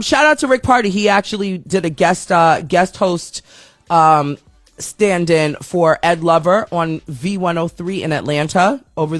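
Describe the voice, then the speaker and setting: A man's voice: fairly high pitch, dry recording, studio quality. Chatty rambling male show host. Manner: rambling, chatty, reads viewer chat aloud. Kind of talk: casual live-stream chat.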